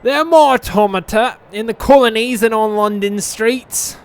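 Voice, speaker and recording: Man doing a gruff grumbling woman mechanic. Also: high voice, moderate pace. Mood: retorting. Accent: put-on Yorkshire. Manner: loud, huffy, clipped.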